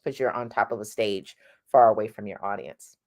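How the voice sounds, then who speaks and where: A middle-aged singing teacher runs a casual, chatty vocal lesson, showing sounds in the middle of her sentences and often asking "right?" Her bass voice moves at a normal speed and sounds a little mellow.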